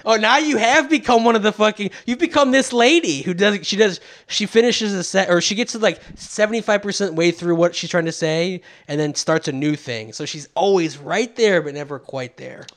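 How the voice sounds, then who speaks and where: A man's voice: high voice, normal speed, few pauses. A man co-hosting a casual podcast, teasing and sarcastic. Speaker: podcast co-host. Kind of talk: casual chat.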